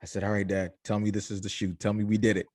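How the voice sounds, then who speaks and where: A low-voiced young man tells his founder story in an interview, acting out the voices of his family as he goes. The sound is dry and close. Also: level tone, fast talker, darkish tone, no echo. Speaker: shoe company founder.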